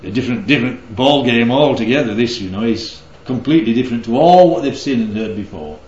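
Man, Bible study leader, animated pitch, roomy sound. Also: fast talker. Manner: keeps checking in with the group. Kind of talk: interactive Bible teaching. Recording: roomy, slightly dull recording.

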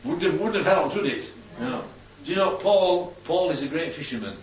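A man's voice: on the high side, expressive, normal speed. A man preaching a Bible sermon in a conversational way, often checking in with "yeah?". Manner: conversational, keeps asking "yeah?". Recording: distant, roomy, dull recording with faint hum.

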